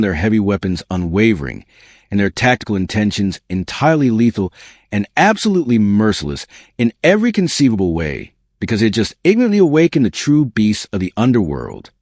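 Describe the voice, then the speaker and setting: A man's voice: lowish voice, dry recording, studio quality. A man reading a dramatic story as scripted narration with an intense delivery.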